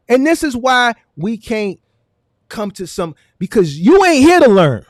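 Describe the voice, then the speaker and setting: A man's voice: very high voice, big pitch swings, unhurried, no room sound. Man taunting in a heated stream argument. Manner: mocking, repeats "sir" over and over. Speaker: stream host.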